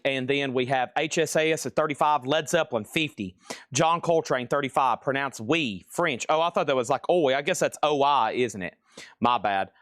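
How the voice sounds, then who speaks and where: Male seller, live sale patter, brisk and chatty, mid-pitched, dry close sound. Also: a bit bright, dry recording. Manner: brisk, chatty, lists items and prices. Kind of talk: live auction and price calling.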